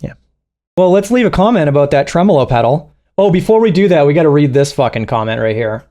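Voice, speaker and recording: Swearing streamer dude riffing on comments, kinda high voice, laughing a lot. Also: male voice, expressive, fast, dark tone. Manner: profane, mocking, laughs often. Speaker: streamer reacting to videos. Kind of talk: casual reaction commentary.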